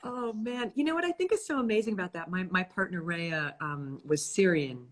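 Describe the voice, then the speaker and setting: A woman's voice: on the low side, lively intonation, normal speed. A woman hosting a casual live video conversation, talking thoughtfully and reflectively. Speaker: host. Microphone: live video call.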